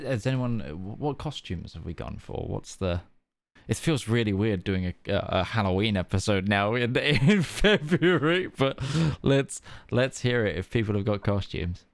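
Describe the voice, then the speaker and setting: A man's voice: medium pitch, expressive, normal speed, no echo. A man running a tabletop game as game master, prompting players with questions and laughing easily.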